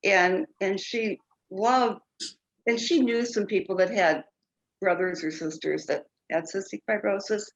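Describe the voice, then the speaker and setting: A woman guest telling her story slowly and earnestly, with halting restarts. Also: mid-range voice, lo-fi sound. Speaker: guest, foundation founder. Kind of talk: interview storytelling.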